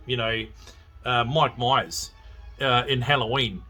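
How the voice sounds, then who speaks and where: An Australian man rambles through a horror movie review in a loose, excitable podcast chat, swearing freely and often breaking into laughter. His voice is bright and forceful, with a husky, breathy edge running underneath. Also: medium pitch, unhurried, soft background music. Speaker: podcast host. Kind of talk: casual film review chat.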